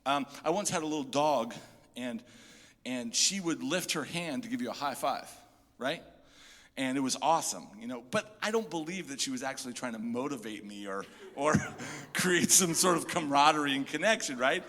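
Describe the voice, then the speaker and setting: Bright-voiced pastor preaching in an echoey hall. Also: male voice, medium pitch, moderate pace. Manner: animated storyteller, jokey asides. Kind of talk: sermon with humorous storytelling. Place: church hall.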